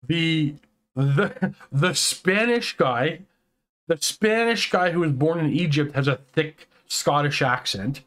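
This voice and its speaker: A man co-hosting a casual online chat, ranting excitedly with many restarts and quick turns. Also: fairly high pitch. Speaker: podcast co-host.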